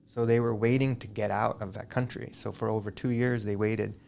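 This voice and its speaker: A middle-aged man, a high school teacher, chatting as a guest on a school podcast and telling long, digressive stories. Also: flat delivery, a little fast, creaky, darkish tone, a little hiss or hum. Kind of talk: casual interview chat.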